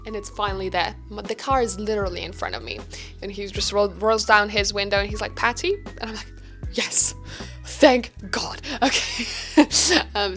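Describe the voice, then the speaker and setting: A woman's voice: medium pitch, fairly bright tone. A young woman telling a casual vlog story, chatty and self-mocking, swearing freely. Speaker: vlogger. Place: hotel room.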